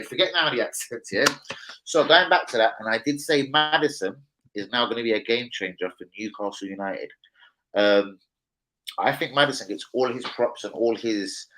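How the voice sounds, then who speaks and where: A man's voice: medium pitch, fairly bright tone, poor audio. A man hosting a live football chat stream, chatty and slangy, talking straight to his co-host. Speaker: livestream football show host.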